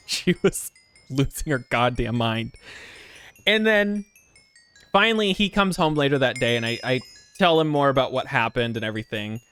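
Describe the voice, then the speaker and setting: A man streaming and telling a story in casual chat, animated, swearing freely and laughing as he goes. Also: mid-range voice, measured pace, long pauses, clean tone.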